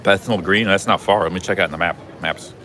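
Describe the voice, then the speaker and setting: A man's voice: low-pitched, fast, sharp tone, a little hiss or hum. A man live-streaming a travel vlog from a busy city street outdoors, chatting in a rambling way with many restarts. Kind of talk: casual walking live stream.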